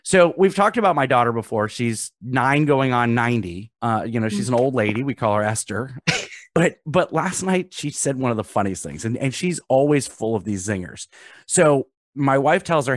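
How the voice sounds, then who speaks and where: A man's voice: mid-range voice, expressive, moderate pace, no room sound, studio quality. A man hosting a casual podcast, joking, laughing often and telling stories with animation. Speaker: podcast host. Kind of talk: casual chat.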